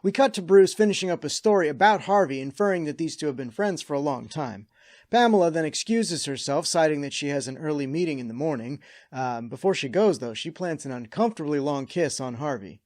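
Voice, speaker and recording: A man's voice: fairly high pitch, expressive, a little fast, darkish tone. A man hosting a scripted cartoon episode recap, with wry, sarcastic asides. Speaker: host.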